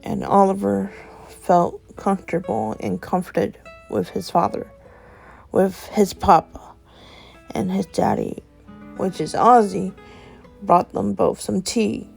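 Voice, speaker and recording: A woman's voice: medium pitch, steady tone, takes it slowly, creaky, long pauses, darkish tone, faint music behind. A woman narrating an improvised bedtime story in a meandering way, with fillers and self-corrections.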